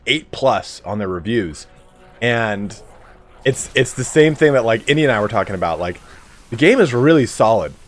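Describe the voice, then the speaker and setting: A man's voice: fairly low pitch, a little hiss or hum. A man livestreaming a video game, chatting casually to his viewers and explaining the mechanics as he plays. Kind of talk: casual gameplay commentary.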